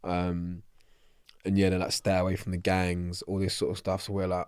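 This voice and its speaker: A young man with a London accent telling a prison story in an interview, animated and swearing freely, acting out other people's voices. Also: low-pitched, moderate pace, smooth, no room sound, clean studio sound. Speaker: interview guest. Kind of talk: casual storytelling.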